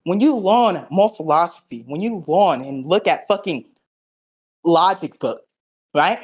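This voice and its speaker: A man recapping an online debate, cocky and profane, lecturing in logic jargon with loud bursts and low mutters. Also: lively intonation, a little slow, slightly rough, muffled recording.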